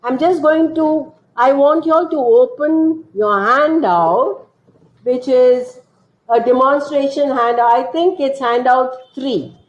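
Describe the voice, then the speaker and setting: Slow, high-voiced teacher trainer. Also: female voice. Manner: slow, deliberate explaining with acted classroom drills. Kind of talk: online teacher-training session. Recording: roomy, dull lo-fi online session audio.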